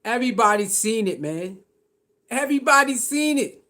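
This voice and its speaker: A man with a strikingly high voice delivers reaction commentary on football. He talks in heated, slangy bursts and keeps circling back to the same points. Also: lively intonation, normal speed, pushed and bright. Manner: heated, slangy ranting with repetition. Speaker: sports commentator.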